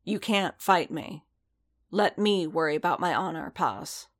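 A woman voicing a tired, guilt-torn male warrior who speaks in a hushed, restrained way. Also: fairly low pitch, unhurried. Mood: tired firm.

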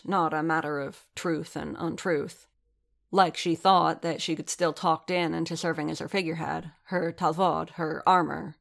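Low, gravelly-voiced woman reading a story. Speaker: narrator. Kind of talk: fan fiction reading aloud.

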